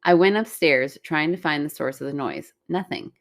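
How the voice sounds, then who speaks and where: A woman's voice: sits low, normal speed. A woman co-hosting a podcast, reading listener stories aloud in casual chat and laughing easily. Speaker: podcast co-host.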